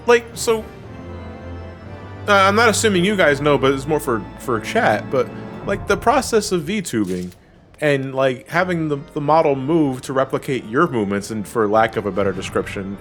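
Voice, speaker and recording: A man's voice: a little high, sing-song, moderate pace, fairly bright tone, soft background music. A man hosting a casual late-night stream chat, swearing freely and asking curious questions. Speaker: stream host.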